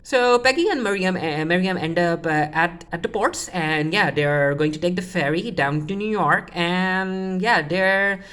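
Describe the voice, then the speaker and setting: A woman's voice: fairly low pitch, measured pace, hardly any pauses, fairly bright tone, clean tone. A woman casually recapping a TV episode as a reviewer, rambling with frequent restarts and offhand asides. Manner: rambling, full of restarts and quoting characters offhandedly. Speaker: TV show reviewer.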